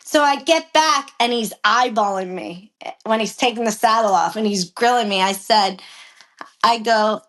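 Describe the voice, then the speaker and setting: A woman jockey in a casual interview, animated and blunt, acting out heated exchanges and swearing freely. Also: a little high, moderate pace. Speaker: guest, professional jockey.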